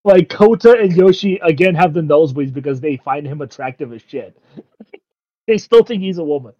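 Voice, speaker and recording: A man in casual chat, excitedly recapping an anime episode, laughing constantly and swearing freely. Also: on the high side, moderate pace, no room sound. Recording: dull lo-fi sound.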